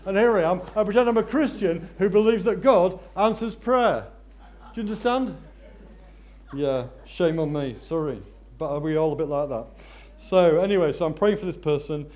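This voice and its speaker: A male preacher delivers a sermon with a voice sitting a little high for a man. He is animated, surging into loud, excited stretches and then dropping to hushed intensity. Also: normal speed.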